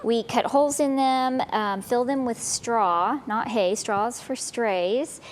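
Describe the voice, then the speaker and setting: A woman's voice: a little high, takes it slowly, slight background noise. A woman representing an animal shelter, chatting on a local TV news segment in an upbeat, rambling way with lots of "um" and "you know". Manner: chatty, upbeat, frequent ums and you-knows. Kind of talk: casual TV interview chat.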